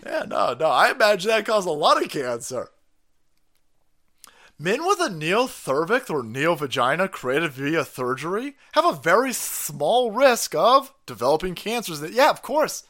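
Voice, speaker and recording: A man hosting a livestream, ranting in a profane, sarcastic, mocking way with sudden loud outbursts. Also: sits high, very animated, a little slow. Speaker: livestream commentator. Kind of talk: profane political rant.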